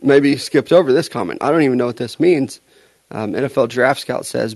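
Gravelly-voiced joking male co-host. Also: mid-range voice, fairly quick, darkish tone, no echo. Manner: joking, laughs often. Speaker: podcast co-host. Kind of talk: casual sports chat.

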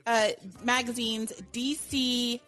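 A woman's voice: on the high side, flat delivery, slow, a bit bright, soft background music. Breathless woman hosting a podcast. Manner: loose, self-correcting, laughs at herself. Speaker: podcast host. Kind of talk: casual podcast chat.

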